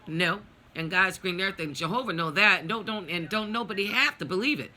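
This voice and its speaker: Middle-aged woman, bright edgy voice, heated and foul-mouthed storytelling to camera. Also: lowish voice, animated, fairly quick, hardly any pauses, slight background noise. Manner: blunt, profane, heated venting. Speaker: vlogger. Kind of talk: personal storytime rant.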